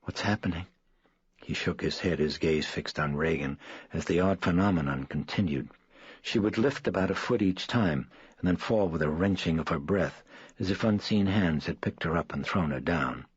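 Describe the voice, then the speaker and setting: A man reading an audiobook in a measured, somber way. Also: husky, no room sound. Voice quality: very deep. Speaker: audiobook narrator. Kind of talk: scripted narration. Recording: dull dry studio read.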